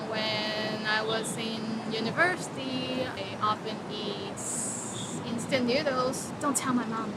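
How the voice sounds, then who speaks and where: A woman's voice: steady tone, slow. A woman hosting a casual vocabulary lesson in a chatty, upbeat way. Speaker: language lesson host. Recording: loud vehicle rumble behind.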